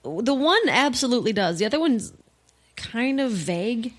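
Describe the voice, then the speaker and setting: A woman's voice: on the high side, big pitch swings. A woman co-hosting a podcast in casual chat, teasing her co-host with playful questions. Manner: teasing, quick with jokes.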